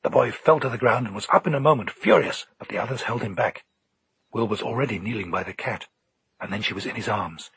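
A man narrating an audiobook in a calm, measured storytelling manner. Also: on the low side, breathy edge, dry recording.

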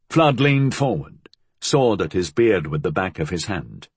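Husky low voiced guy reading an audiobook, lots of ups and downs, dry sound. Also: big pitch swings, measured pace, dry recording. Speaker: narrator. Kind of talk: audiobook narration.

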